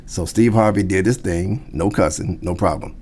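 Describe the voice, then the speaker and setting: Low-voiced man telling a story. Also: normal speed, a little mellow, husky. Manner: acts out quoted voices, shifting pitch. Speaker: comedian guest. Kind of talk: animated storytelling.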